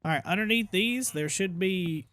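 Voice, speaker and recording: A young man talking his way through a video game run, his voice sitting a little high for a man. He jumps between loud excitement and exaggerated complaining, chatting to his viewers like friends. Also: moderate pace. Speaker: gaming streamer. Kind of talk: casual gameplay commentary.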